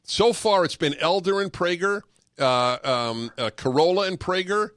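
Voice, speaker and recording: A man's voice: sits high, expressive, moderate pace, a bit bright, no room sound, studio quality. A man hosting a call-in radio talk show, speaking earnestly and emphatically and taking calls. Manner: emphatic, earnest, sarcastic asides.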